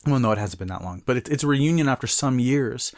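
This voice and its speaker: A man's voice: medium pitch, animated, fast talker, a little mellow, dry recording, studio quality. A man co-hosting a podcast, rambling through a casual film review chat with many restarts. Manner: rambling, restarts and retells plot. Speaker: podcast co-host.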